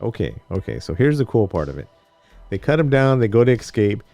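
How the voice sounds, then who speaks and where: Mellow low-voiced man in casual chat. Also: very animated, a little fast, vocal fry, faint music behind. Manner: rambling, jokey storyteller who acts out scenes. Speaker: podcast co-host recapping a TV episode.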